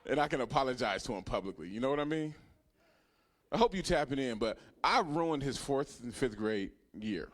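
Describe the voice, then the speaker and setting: A man in his thirties doing a stand-up comedy set, telling a profane story that swings from hushed asides to loud punchlines. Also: medium pitch, animated, normal speed. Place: comedy club stage.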